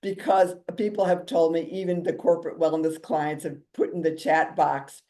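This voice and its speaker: A woman giving a motivational talk as a drum therapist and speaker, chatty and jokey, with a calming, soothing voice. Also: low-pitched, moderate pace.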